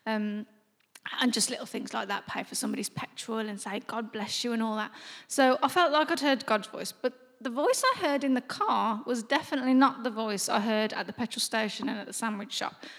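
Brief: middle-aged woman, earnest testimony, slightly high voice, echoing hall. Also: fairly bright tone. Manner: earnest, conversational, with frequent restarts. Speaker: speaker sharing a faith testimony. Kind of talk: personal testimony. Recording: long reverb, as in a hall.

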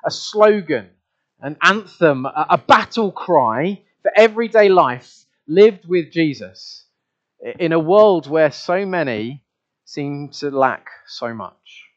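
A man preaching a sermon, talking to the congregation in a chatty way and often putting questions to them. His voice sits a little high for a man. The recording sounds dull and lo-fi. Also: expressive, slow pace. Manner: conversational, asks the congregation questions, repeats words.

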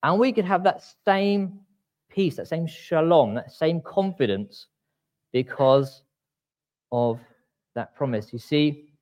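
A man preaching a sermon in a church, talking casually and with wry asides, slowing down to read scripture aloud. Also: a little high, lively intonation, a little mellow, highs cut off.

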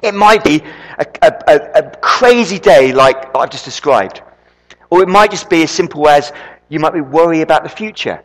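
A man preaching a sermon, an animated storyteller who throws quick asides to the congregation. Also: fairly high pitch. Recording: long reverb in a hall.

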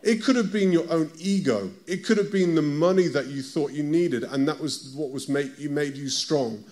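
A man's voice: on the high side, moderate pace, darkish tone. A man with a British accent preaching a conversational sermon, often stopping to ask his listeners direct questions. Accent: British English.

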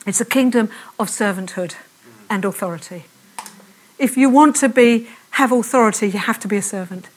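A woman preaching a fervent sermon in church, speaking quickly and repeating her calls to prayer. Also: mid-range voice.

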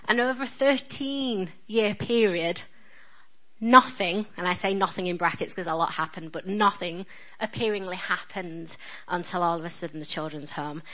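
A woman's voice: fairly low pitch, normal speed, a bit bright, rough recording. A woman in her thirties with a Northern English accent, giving a chatty, self-deprecating and earnest sermon as a guest speaker at a church. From England.

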